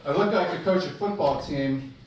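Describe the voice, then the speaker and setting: An older man performs a dry, self-deprecating stand-up set on a comedy club stage. His voice sits a little high for a man. It comes from off-mic in a strongly echoing room, with heavy noise underneath. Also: normal speed. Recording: echoey club with far mic and loud noise.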